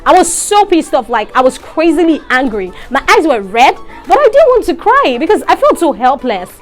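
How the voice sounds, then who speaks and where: A woman's voice: sits high, big pitch swings, normal speed, soft background music. A young Nigerian woman with a Nigerian accent, telling an indignant storytime tale in a vlog, sprinkling in local slang. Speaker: vlogger.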